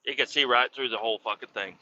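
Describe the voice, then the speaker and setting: A man's voice: mid-range voice, quick pace, sharp tone, dull audio. A man driving a truck in the snow, telling a rambling, profane story in a casual, irritated way. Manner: rambling, swears constantly, irritated. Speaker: truck driver vlogging. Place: truck cab on a snowy road.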